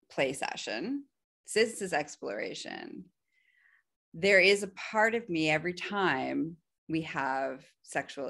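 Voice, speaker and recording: Woman on a podcast, lowish voice, telling a personal story, laughs a lot, gets animated. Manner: animated, laughs often, voice jumps high when quoting her own pleading. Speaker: podcast guest.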